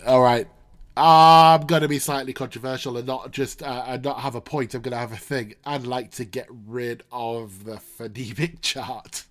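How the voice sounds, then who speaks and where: A man's voice: mid-range voice, fairly even intonation, normal speed. A man hosting a casual teaching podcast, playful and self-mocking, often stumbling and restarting. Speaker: podcast host, English teacher. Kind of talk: casual discussion.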